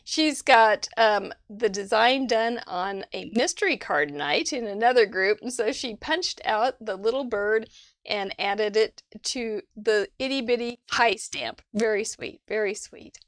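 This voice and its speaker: A woman's voice: on the high side, measured pace, no echo, studio quality. A woman hosting a live crafting show over a video call, gushing over viewers' cards with frequent laughs. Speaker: host. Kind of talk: casual livestream chat.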